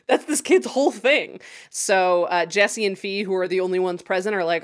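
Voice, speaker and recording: A woman's voice: on the low side, moderate pace, few pauses. Chatty, laughing woman co-host. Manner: chatty, laughs often, swears freely. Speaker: podcast co-host recapping a TV episode. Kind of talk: casual chat.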